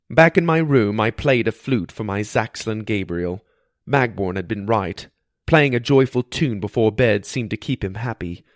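Male audiobook narrator, steady first-person read, low register. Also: no echo, clean studio sound.

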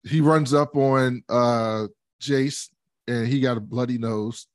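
A man co-hosting a casual podcast recap, acting out scenes in quick put-on voices. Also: mid-range voice, fairly even intonation, no room sound, clean studio sound. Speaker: podcast co-host.

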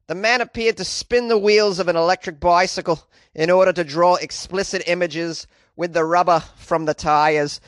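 A man reading out a police report in a deliberately bad mock Australian accent, hammy and stiff. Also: high voice, a bit bright, clean tone, no room sound, clean studio sound.

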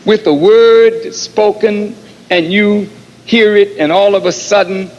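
A minister giving a sermon in slow, measured, deliberate phrases, played from an archive recording. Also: male voice, high voice, steady tone, slight background noise. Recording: dull archival lecture audio with long hall reverb.

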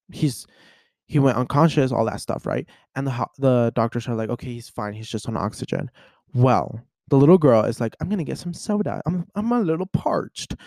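Young male podcast host, casual storyteller, mid-pitched, dry close sound. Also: no echo. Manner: animated storyteller, acts out voices. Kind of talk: casual chat.

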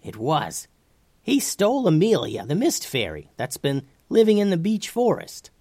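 A man voicing a brisk, no-nonsense woman in a storybook reading, pitching his voice well up and speaking matter-of-factly. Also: huge pitch swings, warm tone, no echo, full character voice.

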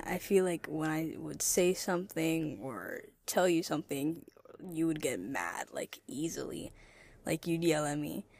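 A woman's voice: low-pitched, gravelly, a little hiss or hum. A young woman, the host's daughter and a guest, casually retelling memories with a giggly manner. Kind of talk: casual chat.

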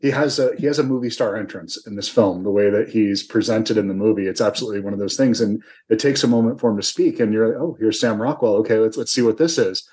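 A man's voice: fairly low pitch, fast, hardly any pauses, darkish tone. An American man interviewing a film director, enthusiastic and conversational. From United States. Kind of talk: casual interview chat.

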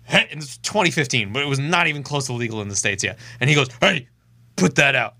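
Bright young guy hosting a podcast, laid-back and sweary, dry sound. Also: medium pitch, lively intonation, very fast, no echo. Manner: laid-back, profane storytelling. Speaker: podcast host. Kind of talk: casual chat.

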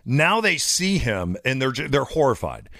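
A man in his fifties tells a rambling story on a podcast, his pitch leaping around as he acts out the quotes. The sound is close and dry, with no room around it. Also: sing-song, normal speed, creaky, fairly bright tone, no room sound. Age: 50s. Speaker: podcast co-host. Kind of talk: casual podcast chat.

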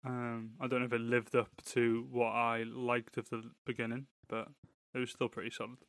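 A man's voice: mid-range voice, monotone, normal speed, a bit bright, smooth, dry recording. A man co-hosting a music podcast, goofy and laughing in casual chat. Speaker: podcast co-host.

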